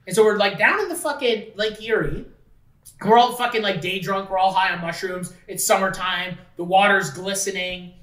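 A man's voice: high voice, normal speed, fairly bright tone, roomy sound, distant mic. A man from the Niagara region of Ontario, telling long rambling stories with lots of filler words and swearing on a casual podcast. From Niagara region of Ontario, Canada. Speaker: podcast host.

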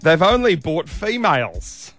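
A man's voice: a little high, very animated, a little slow, fairly bright tone, soft background music. A man with an Australian accent, co-hosting a breakfast radio show in casual banter, joking and teasing with mock-seriousness.

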